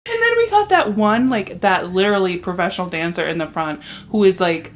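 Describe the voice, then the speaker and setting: A woman's voice: medium pitch, animated, fairly quick, slight background noise. A young woman co-hosting a podcast in casual chat, rambling and filling her talk with "like" and restarts. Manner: rambling, full of "like" fillers and restarts. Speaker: podcast co-host.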